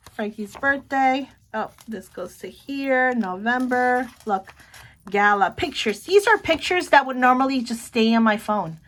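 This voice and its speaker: Middle-aged woman vlogger with a slightly high voice, excitable and chatty. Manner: chatty and excitable, keeps saying "look". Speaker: planner vlogger. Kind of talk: casual show-and-tell chat.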